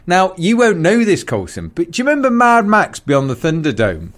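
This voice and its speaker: Man, lively storyteller, slightly high, swings pitch a lot, bursts into shouted impressions. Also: brisk. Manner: animated storyteller, shouts quoted lines and laughs mid-story. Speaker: podcast co-host. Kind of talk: casual chat.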